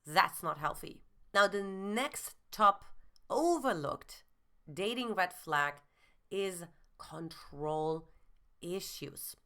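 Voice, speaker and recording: A woman's voice: lowish voice, animated, drawn-out words, pushed and bright. A woman giving relationship advice as a dating coach, earnest and explanatory, with frequent "you know" fillers.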